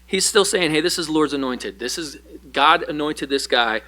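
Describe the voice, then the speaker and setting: A male pastor gives a Bible study in a relaxed, conversational style. He often slips into paraphrased dialogue for the figures he describes. His voice sounds bright and forward. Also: on the high side, normal speed.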